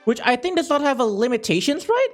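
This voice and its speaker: High voiced streamer dude, chatty and cussing a bit, faint game music under him. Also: male voice, big pitch swings, fast. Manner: chatty, reads chat aloud, jokey and profane. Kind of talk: casual gaming stream chat.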